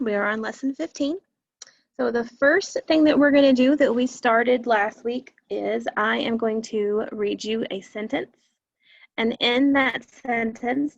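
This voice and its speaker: A woman's voice: fairly high pitch, creaky, no room sound. A woman teacher giving an online phonics lesson, patient and stretching out words for young learners. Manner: slow, patient, drawn-out words. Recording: dull, lo-fi and dry.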